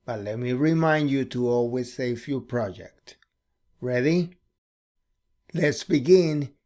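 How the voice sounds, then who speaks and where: A man's voice: mid-range voice, slow, darkish tone. A man hosting a casual drawing tutorial, thinking aloud and repeating words as he sketches. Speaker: art tutorial host.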